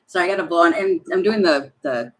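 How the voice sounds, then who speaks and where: A woman's voice: on the low side, fairly quick, fairly bright tone, poor audio. A woman giving tarot readings on a live stream, chatty and apologetic, thinking aloud as she goes. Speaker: tarot reader.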